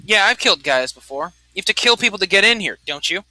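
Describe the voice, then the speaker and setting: A man voicing a young, nervous male recruit of a criminal gang in a tabletop game, with a bright, dry voice. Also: high voice, animated, fast talker, no room sound, voice pushed up, full character voice, rough recording. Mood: uneasy. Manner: hesitant, uneasy.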